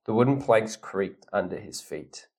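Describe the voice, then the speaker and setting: A man's voice: lowish voice, lively intonation, a little slow. A man tutoring a learner one-on-one, reading a storybook aloud, explaining words and acting out quotes with playful mock grumbling.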